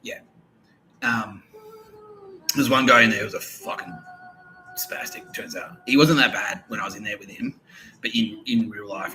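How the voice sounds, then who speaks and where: A man's voice: lowish voice, wildly swooping pitch, moderate pace, pauses often, music in the background, poor audio. A young adult man, hosting a podcast and telling a long comic story in a profane, meandering way, laughing between his lines. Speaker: podcast host.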